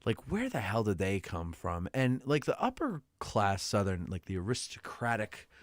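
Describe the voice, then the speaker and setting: A man's voice: lowish voice, huge pitch swings, normal speed, dry recording, clean studio sound. A man hosting a podcast, asking questions in a playful, joking, casual way. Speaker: podcast host. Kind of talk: casual interview chat.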